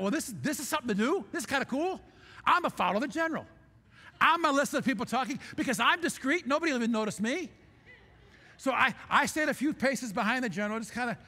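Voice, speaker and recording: An older man telling an emotional story in a sermon, halting and repeating himself as he speaks. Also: high-pitched, pushed and bright. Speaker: pastor. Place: church sanctuary. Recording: hall reverb in a church.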